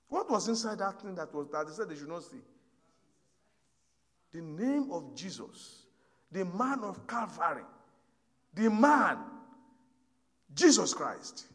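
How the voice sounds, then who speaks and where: Preacher, high lively voice. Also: male voice, moderate pace, long pauses, in a large hall. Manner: storytelling, swings from hushed to loud exhortation. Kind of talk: sermon.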